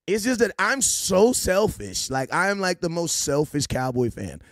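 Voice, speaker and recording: High-voiced man hosting a sports livestream. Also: very animated, no room sound, clean studio sound. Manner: rapid shout-outs to viewers, playful preacher-style teasing. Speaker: livestream host. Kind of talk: casual livestream chat.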